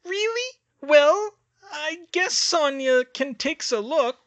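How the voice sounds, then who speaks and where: Sonia: a man playing a shy, squeaky elf girl. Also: expressive, slow, fairly bright tone, heavily acted. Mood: unsure. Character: shy, suspicious female house-elf.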